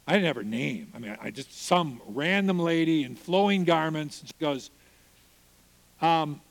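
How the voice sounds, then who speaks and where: A man telling a personal testimony as a sermon, acting out the people he quotes and swinging from loud praise to hushed, tearful moments. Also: a little high, lively intonation, moderate pace, creaky. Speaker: preacher. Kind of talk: sermon storytelling.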